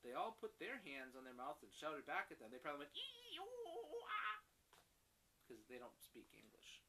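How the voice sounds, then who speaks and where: A father reading a picture book aloud to his young daughter, animated and stopping to explain words. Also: mid-range voice, fairly quick, creaky, poor audio.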